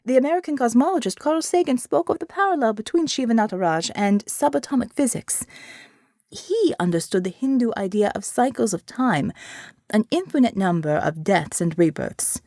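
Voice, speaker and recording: A woman voicing a polite young man with a faint Indian accent, a calm and reflective research scientist in an audiobook. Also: on the high side, normal speed, dry recording, clean studio sound. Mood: earnest. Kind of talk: audiobook character voice.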